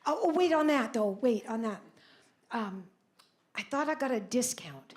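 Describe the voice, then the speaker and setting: A woman's voice: on the high side, animated, a little slow. A woman in her seventies doing live stand-up comedy, telling stories in a brash, self-mocking way with big exclamations. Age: 70s. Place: comedy club stage. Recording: club stage mic with audience noise. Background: audience laughter.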